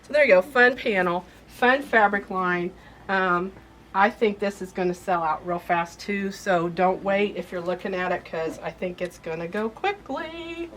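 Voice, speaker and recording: A woman's voice: mid-range voice, measured pace, fairly bright tone, slight background noise. A woman hosting a casual product showcase in a fabric shop, chatty and gushing with enthusiasm. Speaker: quilt shop host.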